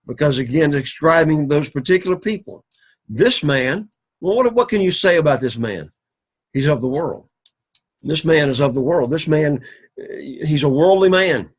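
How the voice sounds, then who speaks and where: A man teaching an introductory Greek class, explaining sentences step by step with patient, drawn-out phrasing and frequent throat-clearing. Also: fairly high pitch. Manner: patient, drawn-out explaining with many "all righty"s and restarts. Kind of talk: recorded classroom lecture.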